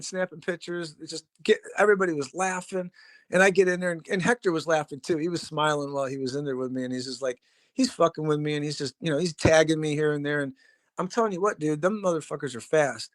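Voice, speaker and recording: A middle-aged man with a somewhat high voice recounts old stories in a loose, rambling way, swearing freely and padding his sentences with fillers. The sound is dry and close, with no room around it. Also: quick pace, no room sound. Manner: rambling, profane, laid-back storyteller with many fillers. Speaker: podcast guest, drummer. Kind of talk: casual storytelling.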